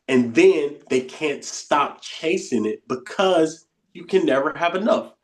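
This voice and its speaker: A man's voice: fairly high pitch, lively intonation, slow pace, few pauses. A man teaching a spoken lesson in an informal, conversational way, often repeating phrases and acting out inner voices under his breath. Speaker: coach teaching a bootcamp session.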